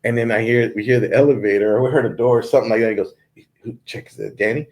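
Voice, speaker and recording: A man, a comedian, telling stories in a casual comedy chat, animated and laughing through his lines. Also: medium pitch, very fast.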